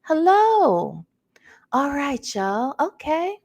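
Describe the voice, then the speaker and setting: A tired, low-energy woman hosting a casual livestream and greeting her chat one by one. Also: very animated, very slow, a little mellow. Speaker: livestream host.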